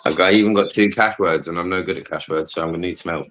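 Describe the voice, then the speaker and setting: Man, low-key friendly chatter, low pitch, crisp bright timbre. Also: very fast. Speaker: fellow YouTuber on stream. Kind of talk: casual chat.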